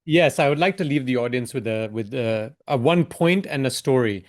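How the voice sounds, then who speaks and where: A man's voice: medium pitch, expressive, normal speed. A man speaks as a keynote speaker and investor. His delivery is earnest and reflective, with a mid-range voice. He ends on a short parable.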